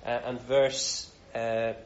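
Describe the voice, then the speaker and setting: A man's voice: mid-range voice, little pitch movement, takes it slowly. A man giving an informal sermon as a Bible teacher, talking in a casual, conversational way with frequent restarts. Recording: roomy, dull sound.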